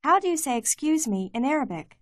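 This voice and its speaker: A woman giving clear, measured scripted narration for a language course. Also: high-pitched, very animated, dry recording, clean studio sound. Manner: clear, measured teaching delivery.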